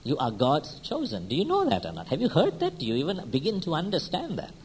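A man preaching a sermon who keeps asking his listeners pointed questions and checking in with "hmm?", moving between quiet, slow lines and sudden loud, high-pitched bursts. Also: huge pitch swings, a little hiss or hum, poor audio.

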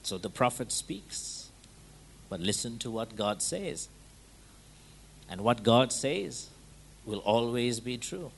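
A man in the middle of a sermon, his voice mid-pitched and his delivery conversational. He keeps pulling listeners in with short rhetorical questions. A faint background noise sits under the recording. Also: animated, slow pace, gravelly, pauses often. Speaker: preacher.

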